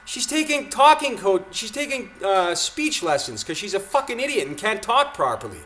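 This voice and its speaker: A man's voice: high voice, big pitch swings, moderate pace, hardly any pauses, a bit bright. A man from Canada reacting to news clips with angry, profane, mocking commentary.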